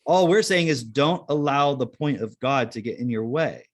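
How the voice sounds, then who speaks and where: A man chats loosely on a podcast in an ordinary middle male pitch. He rambles, fills gaps with "like", and swears freely. His manner stays relaxed and conversational throughout. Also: normal speed. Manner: rambling, laid-back, swears freely, many fillers. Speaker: podcast host. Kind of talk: casual chat.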